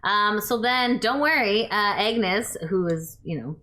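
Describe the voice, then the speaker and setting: A woman's voice: mid-range voice, expressive, unhurried, bright, forceful tone. Sarcastic, casual woman with filler-heavy talk. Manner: sarcastic, swears, lots of ums. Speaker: co-host of a TV review show. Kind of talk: casual review chat.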